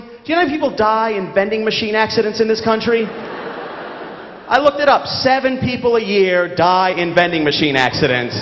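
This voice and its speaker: A New York stand-up comedian with a high-pitched male voice delivers a sardonic, deadpan set of stories on a large theater stage. The recording is dull and lo-fi, echoing through the hall with slight background noise.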